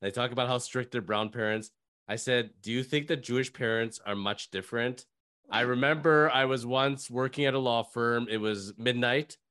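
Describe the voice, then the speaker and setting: A man hosting a podcast, chatting casually and telling animated anecdotes. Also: mid-range voice, moderate pace, smooth. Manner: animated anecdote teller, voices his mom in quotes. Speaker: podcast host.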